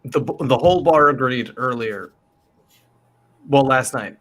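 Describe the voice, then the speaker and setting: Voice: medium pitch, a little slow, fairly bright tone. A player speaking in character in a tabletop game, boastful with wry mock worry.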